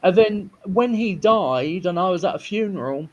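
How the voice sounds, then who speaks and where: A man's voice: sits high, expressive, normal speed, dull audio. A man, a filmmaker guest, chatting casually in an interview and telling rambling stories with stammered restarts.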